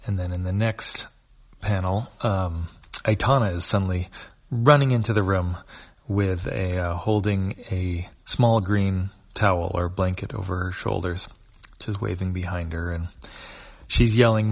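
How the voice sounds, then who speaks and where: A man reading a comic strip aloud, describing each panel in an unhurried way. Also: low-pitched, steady tone. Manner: unhurried, with frequent fillers and restarts.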